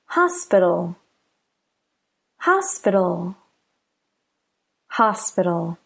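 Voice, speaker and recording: An American woman leads a pronunciation lesson, saying each example word three times and marking the stressed syllables clearly. She speaks slowly and deliberately, and a gravelly fry runs through her mid-pitched voice. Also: a little mellow. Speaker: pronunciation teacher.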